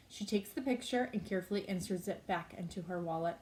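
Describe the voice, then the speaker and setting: A woman's voice: on the low side, fairly quick, hardly any pauses, darkish tone, slight background noise. A woman reading a novel aloud in a plain, unpolished way, with small slips she corrects as she goes. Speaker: reader.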